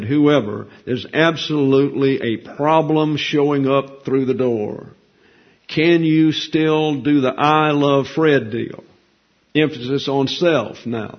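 A man delivering a sermon in a plain, folksy teaching style, often putting questions to his listeners and answering them himself. His voice is slightly husky and sits at a middle pitch. The recording sounds dull and lo-fi. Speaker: preacher.

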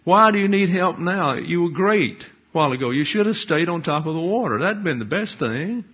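A preacher in a sermon playing a calm male teacher who mildly chides a sinking follower, in a slightly raised, husky voice on a dull lo-fi recording. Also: on the high side, a little fast, pitched above the performer's own voice. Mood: chiding. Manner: mildly chiding, questioning.

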